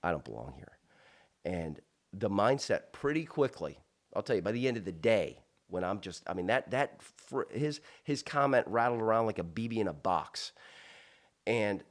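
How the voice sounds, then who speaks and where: A man from South Florida, an interview guest, telling a personal story in an animated way with many restarts and asides. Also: lowish voice, normal speed.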